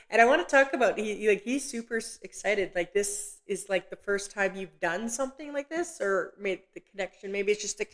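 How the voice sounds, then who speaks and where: Soft-spoken hesitant woman giving readings. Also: medium pitch. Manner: gentle, halting, many ums and restarts. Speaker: psychic medium host. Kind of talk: live online reading.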